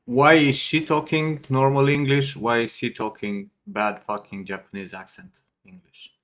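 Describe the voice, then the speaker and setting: A man's voice: mid-range voice, little pitch movement, moderate pace, a bit bright, a little hiss or hum. A man streaming a game, giving casual reaction commentary, blunt and swearing freely. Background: game audio.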